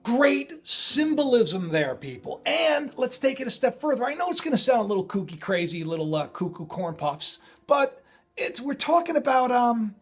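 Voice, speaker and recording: A man hosting his own channel, talking in a rambling, excitable way full of digressions and self-interruptions. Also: very high voice, moderate pace, husky. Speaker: channel host. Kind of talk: rambling spiritual commentary.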